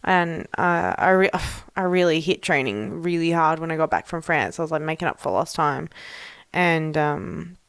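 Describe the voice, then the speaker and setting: A woman's voice: low-pitched, normal speed, smooth, no room sound, clean studio sound. A young Australian woman co-hosting a casual chat podcast, telling stories with frequent laughter and swearing. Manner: swears freely, laughs often, animated storytelling. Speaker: podcast co-host.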